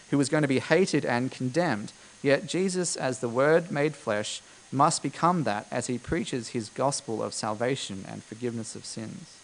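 Conversational male preacher, middle pitch. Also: low-quality recording. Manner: conversational, explanatory, with frequent fillers. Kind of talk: sermon.

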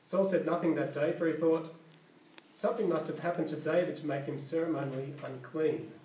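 A man's voice: on the high side, fairly even intonation, fairly quick, dark tone, distant mic. A man preaching a sermon, reading scripture aloud and explaining it in a conversational way, often correcting himself mid-sentence. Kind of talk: sermon with Bible reading and commentary. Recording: echoey room, voice from off-mic.

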